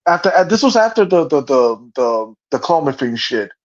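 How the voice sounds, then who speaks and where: A man with a somewhat high voice rambles through a casual podcast chat, full of slang and false starts. The recording sounds a little dull. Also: big pitch swings, normal speed. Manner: rambling, many restarts, slangy.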